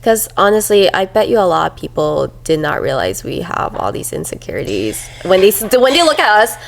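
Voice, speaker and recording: A young woman co-hosting a podcast, talking in a soft, reassuring and comforting way. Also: medium pitch, very animated, brisk, vocal fry, slight background noise, rough recording. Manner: soothing, reassuring, soft-spoken. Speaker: podcast co-host. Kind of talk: casual heartfelt chat.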